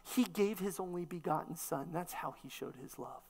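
A woman's voice: on the low side, normal speed, gravelly, darkish tone, breathy edge. A woman preacher delivering a sermon, teaching emphatically and posing rhetorical questions.

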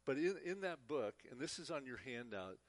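A man's voice: mid-range voice, big pitch swings, normal speed. A man teaching a Bible class, speaking earnestly and often repeating words as he talks. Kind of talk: church teaching talk.

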